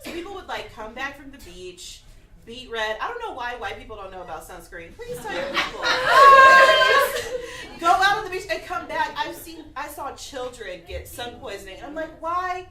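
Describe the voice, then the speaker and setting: A woman's voice: high-pitched, big pitch swings, moderate pace. Woman comic ranting blunt on stage, echoey club, lotsa noise. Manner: blunt, exasperated, bursts of laughter. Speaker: comedian. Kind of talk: storytelling on a comedy stage. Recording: echoey club from far off, noisy.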